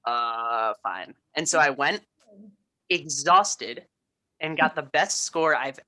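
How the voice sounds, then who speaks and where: A woman's voice: deep voice, takes it slowly, bright, forceful tone. A young woman telling a story in casual chat, rambling with many fillers and restarts. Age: young adult. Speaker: student co-host.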